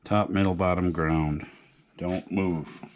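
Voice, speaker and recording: Low-voiced guy doing a chill diy guitar fix walkthrough, slangy and jokey, little clicks in the background. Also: steady tone, slow, slight background noise. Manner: laid-back, joking, slangy. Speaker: guitar repair video host. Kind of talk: casual how-to narration.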